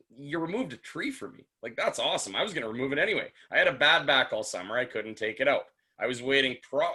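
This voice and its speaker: Husky, bright-voiced man telling a story. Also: medium pitch. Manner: animated, rambling anecdote with restarts. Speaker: podcast co-host. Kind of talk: casual sports talk storytelling.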